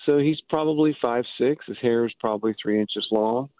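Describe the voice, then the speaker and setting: A man, an author and Bible scholar, explaining things as an interview guest, halting, with many restarts and fillers. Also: mid-range voice, no room sound. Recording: dry tinny phone line.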